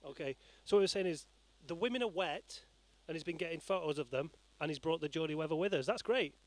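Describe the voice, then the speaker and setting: A man's voice: a little high, quick pace. A cheeky, joking man presenting a vlog outdoors by a race course with a handheld mic, bantering with passers-by. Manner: cheeky, playful, banters and shouts to passing riders. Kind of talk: joking roadside vlog commentary. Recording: faint outdoor street noise.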